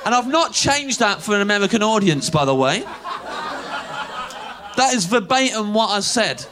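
A man's voice: high-pitched, normal speed, background noise. A young man from England with an English accent, telling a long self-mocking story on stage as a stand-up comedian. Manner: animated, self-mocking, laughing through lines.

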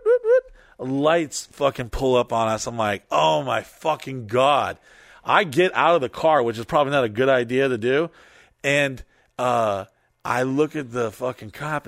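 A man spins a rambling, swear-filled story in casual chat. He gets loud and lively at the big moments. The sound is dry and close. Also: mid-range voice, normal speed, no room sound. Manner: animated, profane, rambling storytelling.

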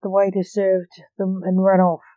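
A woman narrating a novella in an even, unhurried reading style. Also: medium pitch, no room sound, phone-quality sound. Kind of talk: storybook reading.

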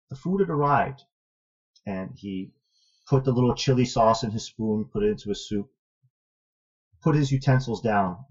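A man guest telling a personal story in an earnest, thoughtful, measured way. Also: medium pitch, a little mellow, breathy edge. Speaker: interview guest, martial arts student. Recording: dull lo-fi audio.

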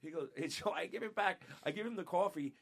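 A man from upstate New York, a former radio show staffer, telling profane, animated stories as a guest in a casual chat. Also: high-pitched, fast talker, gravelly, husky. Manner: profane, animated, laughing, acts out quotes.

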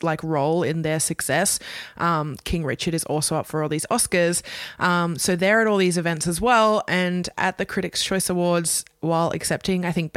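A woman's voice: fairly low pitch, no echo, clean studio sound. Chatty Australian woman co-hosting a podcast. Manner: chatty, lots of "like" fillers. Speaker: podcast co-host. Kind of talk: casual pop culture chat.

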